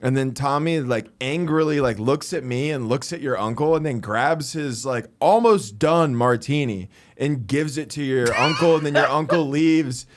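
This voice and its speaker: Man, podcast co-host, casual chat, animated storyteller, mid-pitched. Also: moderate pace, hardly any pauses, a little hiss or hum. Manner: animated storyteller who acts out quoted people, often laughing.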